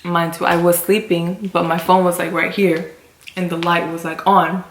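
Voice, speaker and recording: A woman's voice: fairly low pitch, little pitch movement, normal speed, a little hiss or hum. A young woman telling a personal story to her viewers in an emotional, confiding way. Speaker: vlogger. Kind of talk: storytime chat. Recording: roomy echo.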